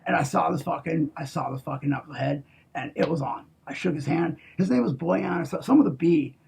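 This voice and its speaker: Very raspy man, gravelly and profane. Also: fairly high pitch, brisk. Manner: profane, emphatic, swings from hushed to shouting. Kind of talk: rambling monologue.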